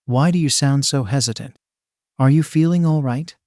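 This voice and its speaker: A man reading a calm, courteous male villain boss who is quietly threatening. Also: mid-range voice, moderate pace, dry recording, clean studio sound, natural voice.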